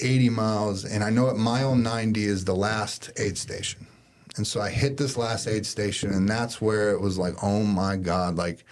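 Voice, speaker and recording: A man's voice: fairly low pitch, a little mellow. A man, a podcast guest, telling a personal story in casual conversation and acting out his own thoughts.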